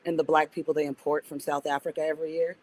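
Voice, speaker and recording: Heard on low-quality audio, this low-voiced woman talks quickly and with flat delivery. She's a podcast guest, an organizer and activist, thinking reflectively and restarting her sentences during a casual interview chat.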